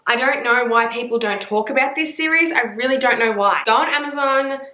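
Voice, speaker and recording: A woman's voice: fairly high pitch, brisk, sharp tone. A young woman casually reviewing books on her vlog, gushing and emphatic, with frequent swearing. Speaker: book reviewer. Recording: echoey room.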